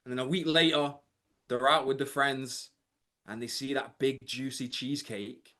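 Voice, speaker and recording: A man's voice: mid-range voice, fairly even intonation, fairly quick, fairly bright tone. A man giving a motivational coaching talk to a live chat, emphatic and often asking the audience "right?". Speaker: mindset and business coach.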